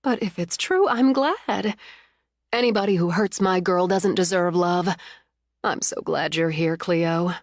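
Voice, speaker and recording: A woman's voice: fairly low pitch, a little slow, no echo. A woman voicing a loving, protective middle-aged mother who is fiercely indignant on her daughter's behalf, read in an audiobook with a dry, close sound. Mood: soothing. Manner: warm, soothing, indignant.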